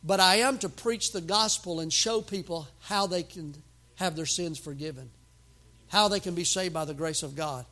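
Pastor, male, high-pitched, emphatic sermon delivery that swings from quiet asides to loud outbursts. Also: moderate pace. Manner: emphatic preaching with sudden loud outbursts and humor.

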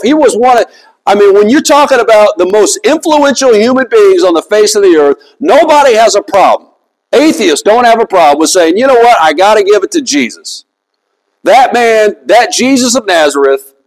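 A man's voice: sits high, poor audio. A man preaching a sermon in a conversational, emphatic way, asking his listeners rhetorical questions. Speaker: pastor.

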